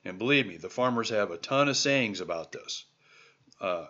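A man's voice: lowish voice, animated, normal speed, bright, forceful tone, muffled recording. A man from the American heartland hosting a podcast, talking listeners through a monologue in an emphatic, exhorting way with lots of repeated rhetorical questions. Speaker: podcast host.

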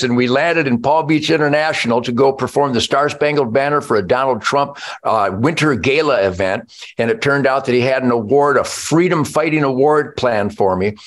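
A man, telling a boastful, theatrical story as a radio host, rushing some lines and drawing others out slowly. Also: mid-range voice, a bit bright. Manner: boastful, theatrical, swinging from fast bursts to slow drawn-out lines. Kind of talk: animated storytelling.

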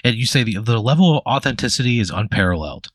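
A man's voice: medium pitch, sing-song, quick pace, slightly rough, no echo. A man hosting a comedy podcast, improvising a long hypothetical story in a rambling, profane way full of fillers and restarts.

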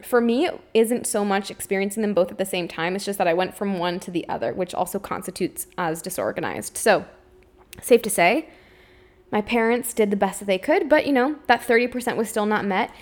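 A woman's voice: mid-range voice, animated, fairly quick. A young adult woman hosting a solo podcast, talking openly and emotionally, with a lot of "like" in her speech. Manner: emotional, open, says "like" often. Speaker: podcast host. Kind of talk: candid solo podcast monologue.

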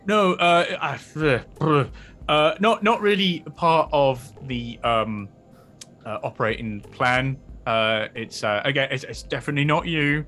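A man's voice: medium pitch, unhurried, bright, forceful tone. A man voicing an awkward machine-minded being who stammers and fumbles for words as he turns down a fleshy partner. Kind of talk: tabletop role-play in character.

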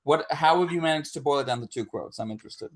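A man's voice: on the high side, fast, husky. A tipsy man co-hosting a casual podcast chat, teasing his co-host with wry asides to the listeners. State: tipsy from drinking.

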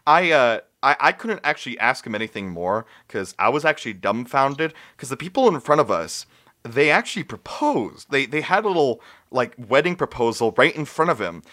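Bright-voiced excitable young man. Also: medium pitch, moderate pace. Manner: rambling, excitable, many restarts. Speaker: host. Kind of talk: casual chat.

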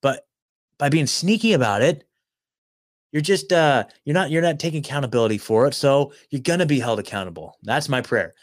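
A man's voice: medium pitch, lively intonation, brisk, dry recording, clean studio sound. A man hosting a livestream, ranting with heated, taunting energy, swearing freely and breaking off to read news excerpts aloud. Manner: fired-up, taunting, swears a lot; reads news excerpts aloud between rants. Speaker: livestream host.

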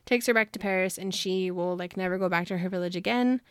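A woman's voice: on the low side, fast talker, clear, resonant tone, no room sound, studio quality. A woman casually retelling a novel's plot on a podcast, chatty and giggly, leaning on "like" a lot. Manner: chatty, giggly, heavy use of "like". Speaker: podcast co-host. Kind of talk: casual book discussion.

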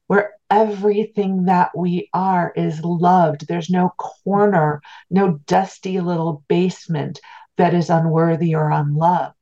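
A woman's voice: lowish voice, mellow. A middle-aged woman, a spiritual teacher, earnestly telling a personal story as an interview guest, often restarting her words. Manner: earnest, reflective, repeats words as she restarts. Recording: dull lo-fi sound.

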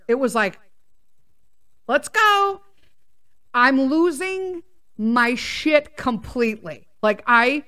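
A woman with a smooth, clear voice pitched a little high tells a long casual story as a talk-show host. She rambles through restarts and asides, swears freely and rants with animated energy. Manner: profane, animated ranting. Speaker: podcast host.

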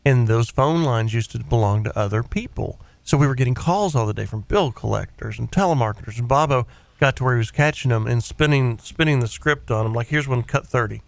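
A man's voice: medium pitch, a little fast, gravelly, no room sound. Chatty talk-radio host man, dry sound. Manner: rambling, animated storytelling. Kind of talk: casual talk-show chat. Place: private studio.

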